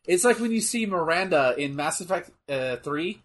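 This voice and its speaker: A man chatting casually and reacting loudly to a wrestling match, laughing often. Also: on the high side, moderate pace. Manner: animated, laughs often, bursts into shouting. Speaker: co-host watching wrestling.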